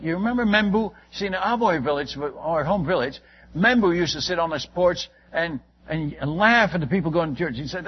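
A man's voice: on the high side, lively intonation, fairly quick, breathy edge, lo-fi sound. An older man, a missionary preacher, telling a story in a sermon with earnest, self-mocking candor.

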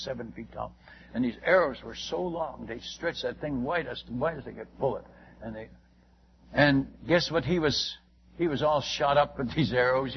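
An older man telling a long, folksy story about his missionary work in a rambling, casual way, full of restarts and asides. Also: medium pitch. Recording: muffled lo-fi recording with faint hiss.

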